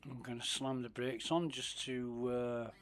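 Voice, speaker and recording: A man's voice: medium pitch, little pitch movement, unhurried. A man streaming a space game, chatting casually, swearing freely and muttering asides under his breath. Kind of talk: casual gameplay commentary.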